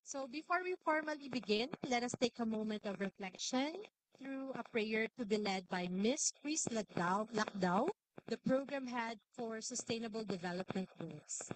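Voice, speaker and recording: Lady hosting an event in a hall, kinda high voice, lots of ums and uhs. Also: moderate pace. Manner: hesitant, with fillers and repeats. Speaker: event host. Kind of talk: event emceeing, announcements.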